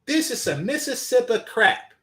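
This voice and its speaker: Man, commentary host, scornful, profane, high animated pitch. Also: moderate pace. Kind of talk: reaction commentary.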